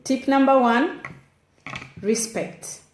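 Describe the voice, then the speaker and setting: A woman's voice: high voice, slow, a little mellow. Earnest woman giving parenting tips, roomy echo. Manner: direct and earnest, addresses listener as "you". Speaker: parenting advice speaker. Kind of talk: instructive advice talk.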